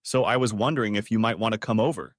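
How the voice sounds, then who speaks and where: A man's voice: lowish voice, fast talker, no echo, studio quality, natural voice. A man voicing a sneering, self-pitying ex-wife who puts on a false charm. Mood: sneering sweetness. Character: sneering, whiny woman, the hero's ex-wife.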